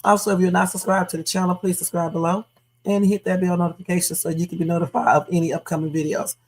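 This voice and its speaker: A woman's voice: fairly low pitch, flat delivery, fast talker, a little mellow. A woman hosting a late-night livestream, talking casually and chatting straight to her viewers as "y'all". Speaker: livestream host. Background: faint music.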